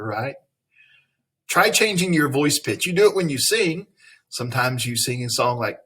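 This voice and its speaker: A man's voice: mid-range voice, fairly bright tone, husky. A man teacher reading a science text aloud to his students, adding friendly, playful asides and questions. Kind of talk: recorded classroom lesson reading aloud.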